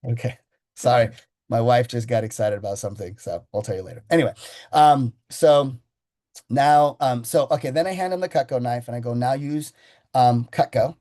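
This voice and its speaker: A man giving a sales training talk, telling how he runs a customer pitch and acting it out with slow, deliberate pauses. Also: mellow.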